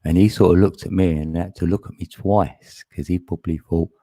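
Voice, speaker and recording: A man's voice: low-pitched, fairly even intonation, brisk, dark tone, dry recording. A man chatting casually on a live stream, laughing often and greeting viewers by name.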